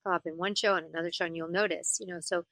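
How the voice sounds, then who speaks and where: A woman voice actor and singer chatting as an interview guest, telling stories in an animated way and slipping into character voices. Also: fairly low pitch, racing, no echo. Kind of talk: casual interview chat.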